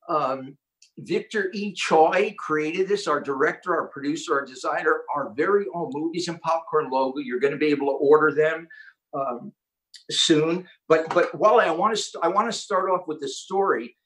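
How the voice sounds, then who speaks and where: A man hosting an online conference, telling an inspirational story with excitement and acting out the quotes. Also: on the high side, poor audio. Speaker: host.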